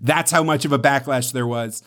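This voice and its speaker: A man's voice: medium pitch, normal speed, a bit bright. A man co-hosting a casual chat podcast, rambling and self-deprecating with many fillers. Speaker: podcast co-host.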